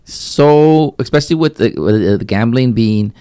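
A man's voice: mid-range voice, animated, measured pace, warm tone, clean tone, dry recording, studio quality. A man co-hosting a podcast, giving loose sports opinions, swearing and laughing. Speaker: podcast co-host. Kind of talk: casual sports chat.

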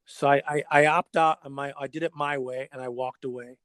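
A middle-aged man, a former pro skateboarder, telling stories in casual chat, animated and repeating words as he goes. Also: mid-range voice, brisk, no room sound. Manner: animated, acts out quoted dialogue, repeats words.

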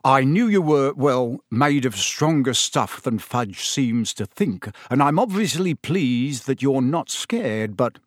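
A man voicing an anxious middle-aged wizard father who speaks low and tense in a storybook reading. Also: lively intonation, slow pace, few pauses, no echo, studio quality.

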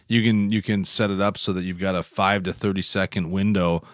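A man's voice: low-pitched, fairly even intonation, a little fast, a bit bright, no echo, clean studio sound. A man co-hosting a podcast, explaining app tips in casual, rambling chat. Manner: rambling, self-correcting explainer. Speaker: podcast co-host.

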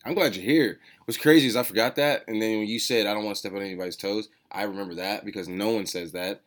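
A young man with a low voice talks in relaxed, swear-heavy conversation. He tells lively stories about his store and slips into quick voiced impressions of other people. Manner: swearing, animated storytelling with voiced quotes. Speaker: podcast co-host, store owner. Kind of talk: casual chat.

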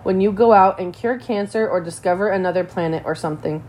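Woman reader voicing a sassy, outspoken schoolgirl, teasing and lively in a storybook reading. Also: medium pitch, quick pace, lightly acted.

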